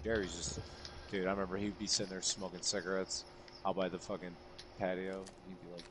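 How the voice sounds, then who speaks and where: A man's voice: low-pitched, brisk. A young man chatting casually while playing a video game, telling stories with plenty of swearing. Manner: swearing, animated storyteller. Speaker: streamer. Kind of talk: casual chat while gaming. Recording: game noise behind. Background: video game sounds.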